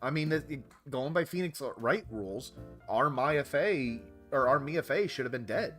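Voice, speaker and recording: A man's voice: medium pitch, normal speed, soft background music. A man playing a visual novel, reading the story aloud, voicing its characters and chatting about it between lines. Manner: animated, switches between character voices. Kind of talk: reading a game aloud with commentary.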